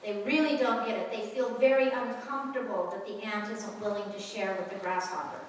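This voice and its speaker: A woman's voice: mid-range voice, fairly even intonation, brisk, a little hiss or hum. A woman giving a public talk to an audience, telling stories earnestly with frequent fillers. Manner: earnest, storytelling with many fillers. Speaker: speaker at a lecture. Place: large echoey hall. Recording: echoey hall, voice from far off.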